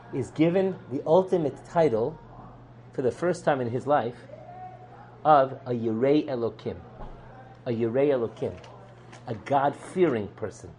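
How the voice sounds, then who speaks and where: Animated rabbi teaching, man. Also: slight background noise. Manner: asks rhetorical questions and answers them, with jokes; swings between low, quiet stretches and loud, high bursts. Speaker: rabbi teaching a Torah class. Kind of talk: lively classroom lecture.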